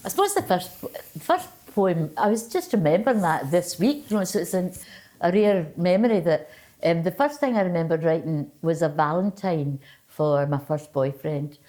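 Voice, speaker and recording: Older Scottish woman, low wry voice. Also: lively intonation, normal speed, mellow. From Scotland. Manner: wry, self-mocking storyteller. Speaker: poet guest. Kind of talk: festival conversation and poetry reading.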